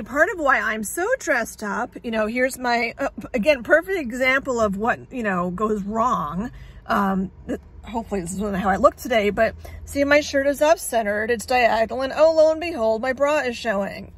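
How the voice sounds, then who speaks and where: A woman's voice: on the high side, animated, normal speed, fairly bright tone, slightly rough. A woman talking candidly in a casual vlog, sarcastic and frazzled, rambling and swearing freely. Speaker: vlogger sharing her illness journey.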